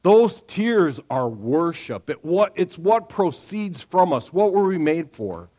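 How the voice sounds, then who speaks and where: A middle-aged man preaching a sermon as a pastor, telling stories in a chatty, animated way, acting out quotes and asking "right?" often. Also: a little high, slow. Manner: animated storyteller, acts out quotes, frequent "right?"; lively conversational sermon delivery.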